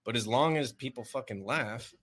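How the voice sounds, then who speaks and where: Bright-voiced rambling podcast co-host man. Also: mid-range voice, moderate pace, breathy edge, soft background music. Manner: rambling, laughs often, heavy filler words. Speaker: comedy show producer and co-host. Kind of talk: casual podcast chat.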